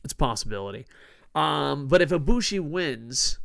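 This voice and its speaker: A man's voice: a little high, animated, normal speed, creaky, a bit bright. Grumpy, swearing man ranting about wrestling. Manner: grumpy, profane, swinging from mutters to outbursts. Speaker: host of a wrestling news show. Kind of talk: casual opinion rant.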